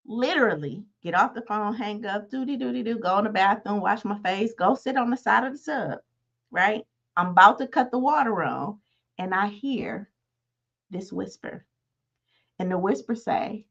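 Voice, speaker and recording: Woman, 30s, motivational host, chatty and repetitive, mid-pitched, slightly muffled lo-fi recording. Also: animated, moderate pace, vocal fry. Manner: conversational, repeats "right?" to the listener. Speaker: podcast host. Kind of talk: motivational talk.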